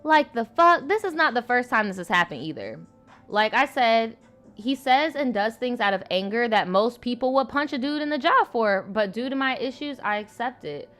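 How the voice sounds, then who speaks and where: A woman's voice: on the high side, expressive, normal speed, fairly bright tone, faint music behind. A woman in her twenties reading viewer stories aloud and reacting to them in a blunt, profane, slangy way. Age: 20s. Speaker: host.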